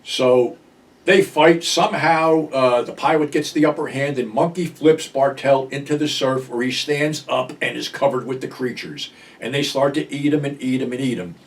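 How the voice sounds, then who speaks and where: An older American man hosts a show and walks through a film's plot in a casual, blunt way, cursing now and then. His voice sits at an ordinary middle pitch. He sounds a little distant from the microphone. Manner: blunt, profane storyteller. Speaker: film review host. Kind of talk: casual film recap.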